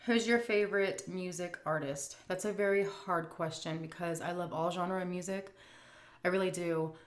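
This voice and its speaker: A middle-aged woman food vlogger telling a story and answering questions in a chatty, animated way full of fillers. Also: lowish voice, normal speed. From United States. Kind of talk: casual storytelling and Q&A.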